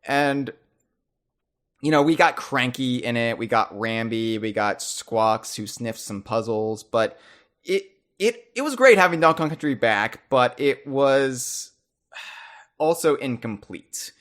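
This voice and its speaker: A young American man hosting a podcast, talking casually and excitedly with frequent restarts and repeated words. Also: mid-range voice. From United States. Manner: animated, often halting, restarting and repeating words. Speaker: podcast host. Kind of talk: casual chat.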